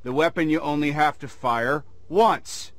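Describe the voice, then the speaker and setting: An actor playing a cocky, self-assured man pitching weapons, with a smug, measured delivery that leans hard on certain words. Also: dry recording.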